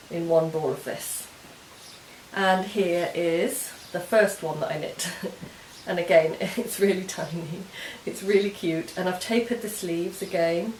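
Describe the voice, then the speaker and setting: A woman hosting a knitting podcast, chatting casually and explaining her projects step by step in a meandering way. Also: medium pitch. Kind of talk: casual show-and-tell chat. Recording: roomy echo with faint hiss.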